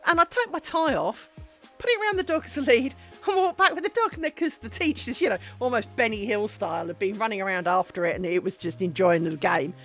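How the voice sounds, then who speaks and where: A woman's voice: medium pitch, expressive, a little fast, fairly bright tone, faint music behind. A woman livestreaming her crafting, chatting and telling rambling anecdotes full of ums. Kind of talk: casual chat while crafting. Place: home craft stream setup.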